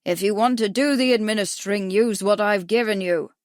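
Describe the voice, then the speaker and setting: A woman reading voices a deaf, gruff elderly male doctor who talks loudly and sharply. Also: medium pitch, fairly quick, no echo, clean studio sound, lightly acted. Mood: gossiping. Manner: loud, sharp, scolding.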